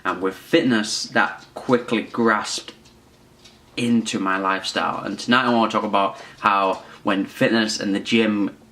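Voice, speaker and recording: A male vlogger in his twenties recounts something personal to the camera in a rambling, chatty, self-mocking way. His lowish voice is steady and sharp in tone, delivered at a measured pace.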